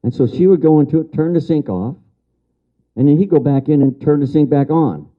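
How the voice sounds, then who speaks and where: A man's voice: a little high, a little fast. Older man telling a story to an audience. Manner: repeats key phrases for emphasis; answers audience remarks. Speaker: lecturer. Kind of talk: storytelling lecture. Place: lecture room with audience. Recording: dull lo-fi lecture recording.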